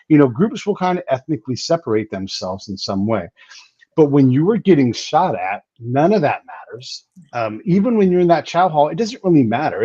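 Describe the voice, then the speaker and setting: A man hosting a casual conversation, telling stories emphatically and talking in quick bursts. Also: mid-range voice, dark tone, husky, no room sound. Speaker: podcast host. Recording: dull lo-fi recording.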